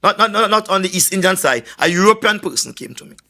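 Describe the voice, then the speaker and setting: Boastful high-voiced Trinidadian man at a rally. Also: expressive, fast talker. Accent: Trinidad and Tobago. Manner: boastful, forceful storyteller. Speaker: political candidate. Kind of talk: political rally speech.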